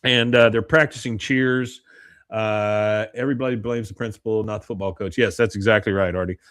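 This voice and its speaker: A man's voice: on the low side, fairly even intonation, a little fast, fairly bright tone, clean tone, no echo. A man hosting a podcast, chatting casually through a show recap, laughing often and filling his speech with uhs. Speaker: podcast host. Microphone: close mic, live stream.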